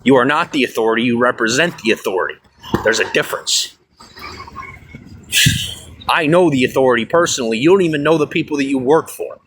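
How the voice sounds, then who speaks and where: A man's voice: medium pitch, expressive, a little fast, pauses often, slightly rough. Angry swearing man ranting on a stream. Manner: agitated, swearing, swings loud and quiet. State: stressed and fired up. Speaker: livestream host. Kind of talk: angry livestream rant. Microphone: phone.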